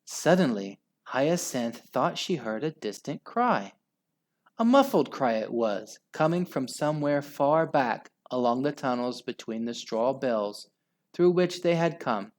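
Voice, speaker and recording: Slow-reading man telling a storybook. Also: mid-range voice, lively intonation. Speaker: storybook reader. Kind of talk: reading a children's book aloud.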